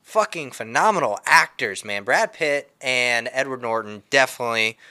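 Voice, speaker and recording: A man's voice: medium pitch, lively intonation, normal speed, bright, forceful tone, smooth. A man co-hosting a casual podcast about films, talking enthusiastically and swearing freely. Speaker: podcast co-host.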